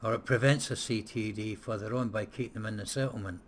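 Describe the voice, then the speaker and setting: A man's voice: lowish voice, quick pace, slight background noise. A man hosting a casual let's-play, thinking aloud as he plays, with frequent hesitations and the odd blunt swear word. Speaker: gameplay host.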